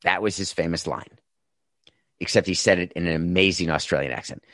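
A man's voice: low voice, fairly quick, fairly bright tone, no echo, clean studio sound. A middle-aged man, a former baseball team executive, giving an opinionated commentary monologue with emphatic, sarcastic, punchy delivery.

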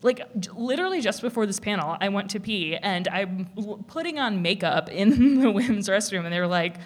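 A woman speaking on a panel in a casual discussion, animated, with many restarts and laughs. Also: medium pitch, a little fast.

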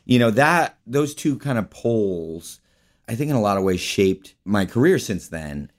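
A man's voice: lowish voice, very animated, normal speed. A man guest on an interview show, telling stories in a rambling, casual way, often saying "like" and "you know". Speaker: guest, actor and filmmaker.

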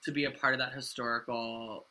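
A man's voice: medium pitch, level tone, brisk, pushed and bright, poor audio. A man in his thirties, a guest in an interview, talking in a chatty, effusive way with many fillers and restarts. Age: 30s. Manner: earnest and effusive. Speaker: guest, drag artist. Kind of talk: casual interview chat.

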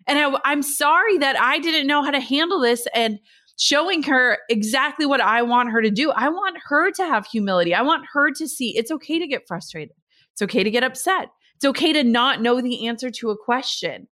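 A woman in her thirties hosting a podcast, talking casually and earnestly and reading sponsor spots. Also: a little high. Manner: earnest, animated storytelling. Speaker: podcast host. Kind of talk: casual podcast talk with read ads.

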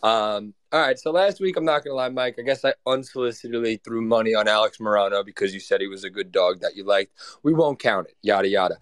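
A man's voice: lowish voice, fast, clean tone, no echo. A man calling in to a show, talking energetically, joking and rambling. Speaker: caller. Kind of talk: casual call-in chat.

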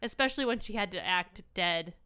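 A woman's voice: mid-range voice, brisk, sharp tone, clear, resonant tone. A woman co-hosting a casual film podcast, recapping the plot in a chatty way with lots of asides. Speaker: podcast co-host.

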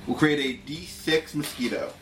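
A man's voice: on the high side, normal speed. A man running a tabletop game, explaining rules and reading them out with fillers. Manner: reads rules aloud, hesitant fillers. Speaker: game master. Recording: echoey room, faint music.

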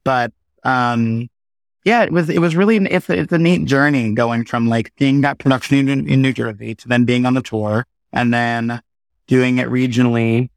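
A man in his thirties chats as an interview guest in a mid-range voice. He tells stories with animated asides and quick shifts of pace. The sound is dry and close, with no room echo. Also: medium pitch. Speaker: guest, Broadway performer. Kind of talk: casual interview chat.

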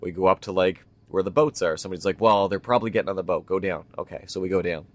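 A man's voice: sits low, fast talker, no room sound. A man casually telling a rambling anecdote on a podcast, acting out the people in it. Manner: rambling anecdotal delivery, acts out quoted people. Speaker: podcast co-host. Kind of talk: casual storytelling chat.

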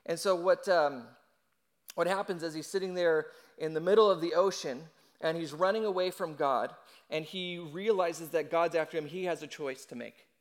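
A young adult man preaching a sermon as a pastor, in a conversational, animated way and acting out quotes. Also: a little high, normal speed.

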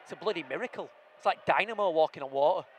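A man with a high voice, bantering excitably as a podcast co-host at a football match. His chat is quick and jokey. A faint hum of noise sits behind him outdoors.

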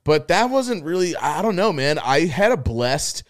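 Young male podcast co-host, relaxed and profane, animated storyteller. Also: a little high, a little slow. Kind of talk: casual chat.

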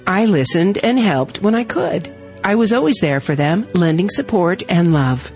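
A woman reading her own heartfelt family story aloud in a gentle storytelling manner. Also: lowish voice, expressive, normal speed, faint music behind. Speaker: story reader.

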